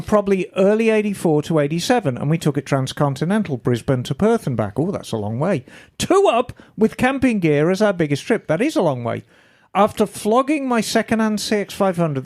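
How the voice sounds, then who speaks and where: A woman hosting a podcast, chatting casually and reading listener emails in a lively, storytelling way. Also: on the low side, moderate pace. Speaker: podcast host.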